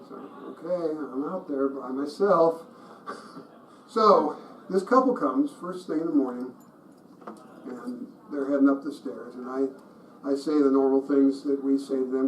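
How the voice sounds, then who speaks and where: A man's voice: medium pitch, moderate pace. A middle-aged man teaching a group, telling anecdotes in a conversational way with restarts and chuckles. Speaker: pro-life ministry teacher. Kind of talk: storytelling teaching talk. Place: meeting room with a group. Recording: roomy echo, mic at a distance, faint noise.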